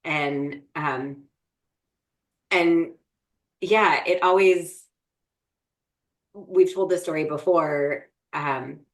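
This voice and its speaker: A woman's voice: sits low, very slow, long pauses. A middle-aged woman co-hosting a podcast, chatting casually with lots of fillers and restarts. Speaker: podcast co-host. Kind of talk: casual chat.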